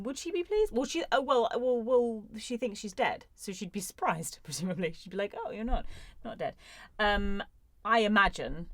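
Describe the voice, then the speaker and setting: A woman's voice: lowish voice, a bit bright, no room sound. A woman in her thirties, an actor answering fan questions in a casual, chatty way with playful, self-mocking humor. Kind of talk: casual chat. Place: recording studio.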